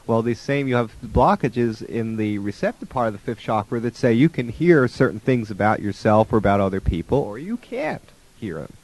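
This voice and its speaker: A man's voice: fairly low pitch, brisk, hardly any pauses, darkish tone. A man giving a conversational spiritual talk about relationships, slipping into the voices of the people in his stories. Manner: conversational, acts out quoted voices.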